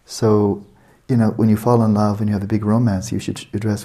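Brief: male meditation teacher, lecture delivery, low mellow voice, rhetorical and emphatic. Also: little pitch movement, a little fast. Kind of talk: spoken dharma lecture.

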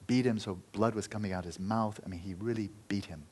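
A man giving a Buddhist dharma talk, telling a story in an earnest, loose way that often falls quiet. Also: on the low side, steady tone, a little fast, breathy edge. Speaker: Buddhist teacher.

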